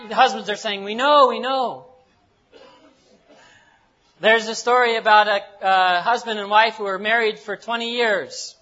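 A man's voice: sits high, fairly even intonation, normal speed, few pauses, pushed and bright, highs cut off, soft background music. A man from the United States preaching a sermon in a folksy, joking way, with simple words and repeated phrases. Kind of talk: sermon with jokes and Bible reading.

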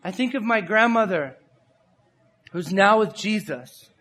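A middle-aged man preaching from the pulpit, his voice unusually high and bright with a sharp edge. He talks in an animated, playful way, jumping into other people's voices and laughs as he tells his stories. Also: measured pace. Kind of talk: sermon.

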